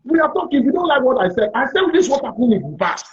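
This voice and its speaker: A man's voice: extremely high pitch, sing-song, very fast, highs cut off. A man with a Nigerian accent hosting a live call-in debate, confrontational and repetitive, talking over callers. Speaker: host.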